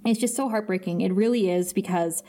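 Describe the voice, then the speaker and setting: Expressive woman podcast host recapping. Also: mid-range voice. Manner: gushing, expressive, quick bursts. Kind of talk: emotional episode recap.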